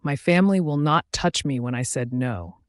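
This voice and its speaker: A man's voice: medium pitch, normal speed, dry recording, studio quality, lightly acted. A man playing a cold, grieving husband. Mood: curt.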